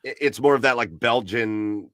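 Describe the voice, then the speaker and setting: A man co-hosting a casual podcast from his garage, chatting in a relaxed, rambling way and gushing about beer. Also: medium pitch, moderate pace, no echo, studio quality. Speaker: podcast co-host. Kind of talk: casual chat. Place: home garage.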